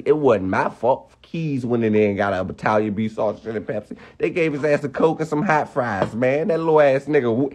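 A man's voice: medium pitch, a little mellow. A young man ranting on a phone live stream, heated and profane, firing off rhetorical questions. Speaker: livestreamer.

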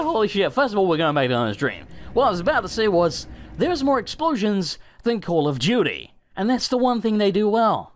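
A man giving excited gaming commentary, swearing and bursting out in panic as he plays. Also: sits high, normal speed, few pauses, a little hiss or hum. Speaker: let's play host.

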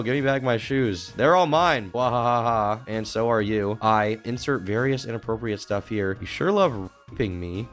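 A man doing casual reaction commentary, reading out messages with sarcastic, profane asides. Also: lowish voice. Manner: sarcastic, swears a lot, mocking asides.

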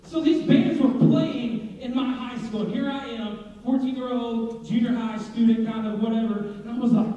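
A man's voice: very high voice, fairly even intonation, moderate pace, few pauses, mellow. A young man preaching a sermon in a church, joking and asking the congregation questions. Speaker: pastor. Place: church sanctuary. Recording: echoey hall, distant dull mic.

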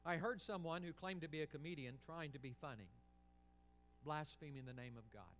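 A man preaching a sermon as senior pastor, impassioned, swinging from loud pleading to hushed tones. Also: fairly high pitch, moderate pace, a little hiss or hum.

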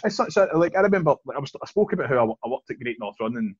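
A man with a Glaswegian Scottish accent, a guest telling stories in a quick, chatty way with frequent restarts. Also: mid-range voice, very animated, husky, no room sound. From East End of Glasgow, Scotland. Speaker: guest, Olympic hammer thrower. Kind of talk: casual podcast chat. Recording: dull, lo-fi podcast recording.

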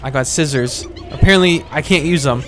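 A man streaming a horror game, reacting loudly and jumpily with frequent cursing and laughter. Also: on the high side, fairly quick. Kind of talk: live gameplay commentary. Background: game music.

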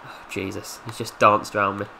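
A young man from England giving casual, jokey commentary over his own football video game, reacting loudly to the play. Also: on the low side, level tone, moderate pace, vocal fry, slight background noise. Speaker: gaming YouTuber.

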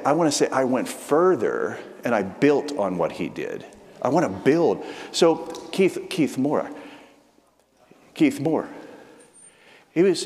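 A man preaching a storytelling testimony, with frequent restarts and animated emphasis. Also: mid-range voice. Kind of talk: testimony sermon. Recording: long hall reverb.

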